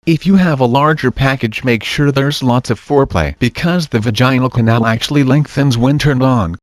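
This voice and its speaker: A man narrating online forum posts aloud in a steady, even reading delivery. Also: medium pitch, no room sound.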